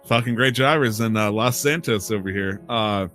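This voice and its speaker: A man with a bright, forceful voice spins long, profane stories in a loose podcast chat, laughing as he goes. Faint music sits under his talk. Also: fairly low pitch, normal speed. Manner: rambling, profane storytelling with laughs. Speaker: podcast co-host. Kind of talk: casual chat.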